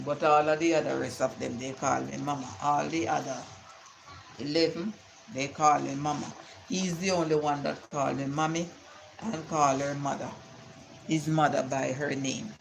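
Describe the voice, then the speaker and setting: A woman's voice: deep voice, creaky, a little hiss or hum, low-quality recording. An older woman, chatting casually on a live stream and telling rambling stories with Bible sayings.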